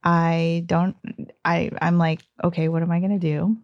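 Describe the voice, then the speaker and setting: Lively storytelling woman, lowish voice. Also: normal speed, no echo, lo-fi sound. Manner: animated, breathless storytelling with many "like"s. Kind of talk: casual storytelling chat.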